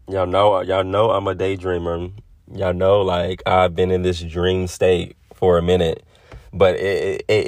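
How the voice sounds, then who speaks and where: A man's voice: low voice, a little mellow, dry recording, studio quality. A man in his twenties hosting his own podcast, talking to his listeners in a heartfelt, reflective monologue. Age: 20s. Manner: heartfelt, addresses listeners as y'all. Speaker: podcast host.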